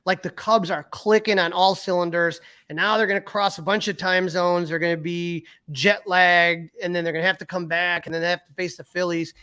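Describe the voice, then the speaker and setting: High-voiced man reeling off sports stats. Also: level tone, fairly quick, few pauses, bright, forceful tone, clean tone, dry recording, studio quality. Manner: reels off stats with fillers and restarts. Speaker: podcast co-host. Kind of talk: casual sports talk.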